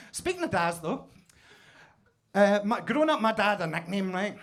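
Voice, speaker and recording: High-voiced Scottish comic on stage. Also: male voice, normal speed, pauses often. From Scotland. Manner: energetic storytelling with mock-pompous wordplay. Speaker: stand-up comedian. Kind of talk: stand-up comedy set. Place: basement comedy club stage.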